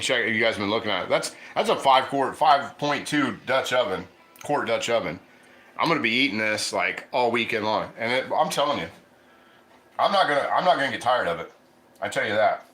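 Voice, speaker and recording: A man's voice: medium pitch, lively intonation, fairly quick, sharp tone, reverberant, rough recording. A man hosting a casual cooking livestream from his home kitchen, chatting loosely and reading viewer comments aloud. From Ohio. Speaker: cooking channel host.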